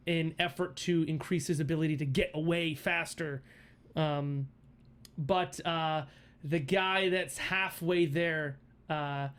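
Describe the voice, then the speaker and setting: A male game master narrates a tabletop game on a livestream, his voice sitting a bit higher than most men's. He giggles often and rambles through ums and half-started phrases as he describes the action. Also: a bit bright.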